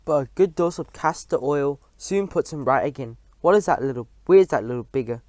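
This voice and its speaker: A man reading a storybook aloud, voicing a prim, snobbish middle-aged woman in a shrill, indignant voice. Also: expressive, a little fast, darkish tone, no room sound, close to an everyday voice.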